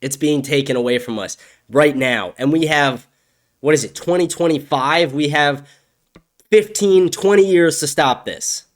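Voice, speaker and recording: A young man hosting a solo podcast, ranting angrily and profanely, his voice swinging from raised outbursts to low muttering. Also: measured pace. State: agitated. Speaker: podcast host. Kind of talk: solo opinion rant.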